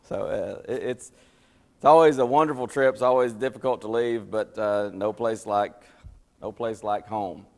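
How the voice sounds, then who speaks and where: A man talks in a relaxed, storytelling way before a Bible class, tired and quick to laugh at himself. His voice sits on the low side. The sound carries a long reverb, like a big hall. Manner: chatty, self-deprecating, laughs at his own stories. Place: church classroom.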